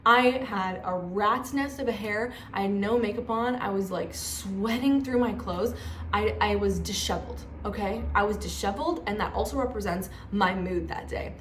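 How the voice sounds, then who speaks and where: A young woman vlogger telling stories in a chatty, animated way, full of fillers. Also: medium pitch, moderate pace. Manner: chatty, animated, lots of 'like'. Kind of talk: casual storytelling vlog. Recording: echoey room with faint noise.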